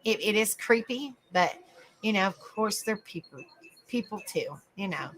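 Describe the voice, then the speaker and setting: A woman hosting a livestream, chatting to viewers and telling a rambling, animated story. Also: mid-range voice, a little slow, a little hiss or hum, rough recording. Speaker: livestream host. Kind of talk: casual live-chat storytelling.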